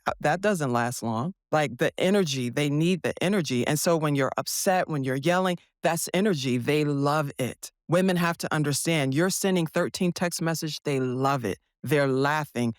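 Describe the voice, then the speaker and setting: A woman's voice: low voice, no echo, clean studio sound. A woman therapist speaking as a podcast guest, passionate and emphatic, often asking rhetorical questions. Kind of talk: casual podcast conversation.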